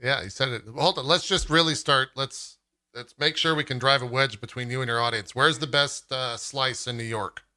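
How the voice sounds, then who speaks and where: A male podcast host keeps things moving with questions and playful ribbing. His voice is strikingly bright and sharp. He sounds relaxed and conversational. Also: medium pitch, moderate pace. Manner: interviewer, prompts with questions and teasing. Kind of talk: casual podcast chat.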